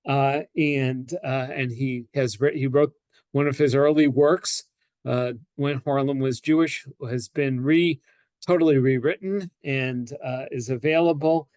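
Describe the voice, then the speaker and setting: A man's voice: mid-range voice, fairly even intonation, measured pace, darkish tone, no echo. A man hosting an online talk, introducing the speaker in a hesitant way full of fillers. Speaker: host.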